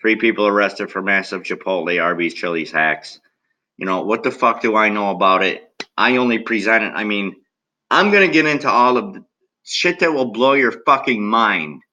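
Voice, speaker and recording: Furious swearing man with a sharp voice. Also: on the low side, normal speed, rough recording. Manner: agitated, heavily profane, talks straight at viewers. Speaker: political video blogger. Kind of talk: angry rant to camera.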